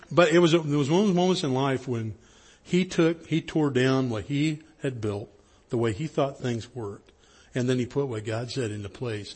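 A middle-aged man, a pastor, giving a sermon in a conversational storytelling way, acting out the lines of people in his story. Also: slightly rough. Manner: conversational storytelling, acts out dialogue with rising pitch.

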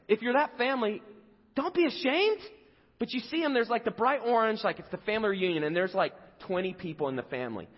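A man's voice: on the high side, husky. A man in his thirties giving a conversational sermon as pastor, telling stories and acting out the people in them. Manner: conversational, playful storytelling with quoted voices. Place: church sanctuary. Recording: lo-fi sermon audio in a reverberant hall.

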